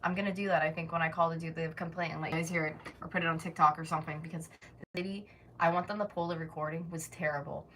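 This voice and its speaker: A woman's voice: deep voice, steady tone, quick pace, fairly bright tone, a little hiss or hum, rough recording. A woman in her twenties from North America, venting in a casual storytime rant, swearing and filling her speech with "like". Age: 20s. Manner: exasperated, venting, swears often, many fillers like "like". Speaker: vlogger.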